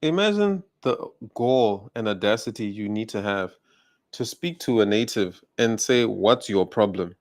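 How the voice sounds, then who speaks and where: A man's voice: lowish voice, expressive, unhurried. A South African man with a South African accent giving an indignant video commentary, firing off rhetorical questions.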